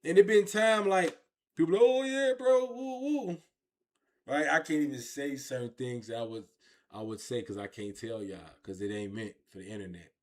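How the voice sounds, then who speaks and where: A man telling his own story in an interview, animated and repetitive, with heavy street slang. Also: medium pitch, moderate pace. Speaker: interview guest.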